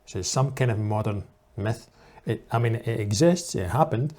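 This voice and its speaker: A man's voice: on the low side, normal speed, a little mellow. A man in the role of an English teacher, giving reaction commentary for learners in a patient, explanatory way.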